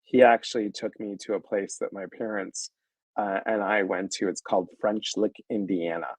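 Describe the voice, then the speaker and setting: A man hosting a wellness livestream in casual chat, speaking warmly to his viewers and acting out past conversations. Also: lowish voice, fairly even intonation, normal speed, slightly rough, no echo, poor audio. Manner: effusive and heartfelt, retelling conversations with quoted voices; talks straight to viewers, greeting them by name.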